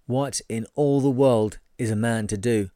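A man's voice: mid-range voice, unhurried, warm tone, no room sound, studio quality, lightly acted. A man voicing a worn-out, despairing middle-aged ship's mate with weary, exasperated outbursts.

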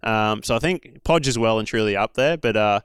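Aussie bloke yarning about his cycling days, lots of ums and side tangents, smooth clean voice. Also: lowish voice, fairly quick, a bit bright, dry recording, studio quality. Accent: Australian. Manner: rambling, full of fillers and self-interrupting asides. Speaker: former pro cyclist guest. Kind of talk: casual storytelling chat.

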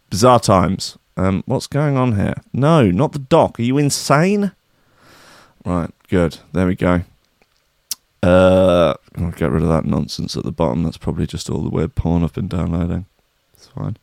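A man's voice: low-pitched, gravelly, no room sound, clean studio sound. A man hosting a casual chat show, sarcastic and chatty, laughing often. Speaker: radio show host.

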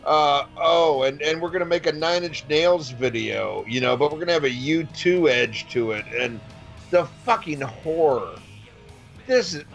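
A man co-hosting a casual music chat, blunt and scornful with heavy swearing. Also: medium pitch. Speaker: music podcast co-host.

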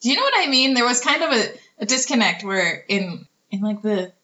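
A woman's voice: a little high, big pitch swings, brisk, pushed and bright, lo-fi sound. A woman comics creator, a guest on a podcast, chatting casually and laughing through her answers. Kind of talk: casual interview chat.

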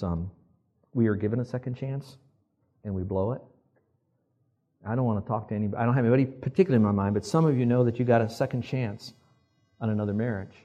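Husky-voiced male preacher. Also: on the low side, warm tone, muffled recording. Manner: conversational preaching with audience call-and-response. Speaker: pastor. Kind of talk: sermon.

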